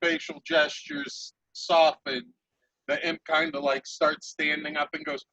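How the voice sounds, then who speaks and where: Slow, animated game master with a gravelly edge. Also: male voice, fairly high pitch, no echo, low-quality recording. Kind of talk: narrating a tabletop game.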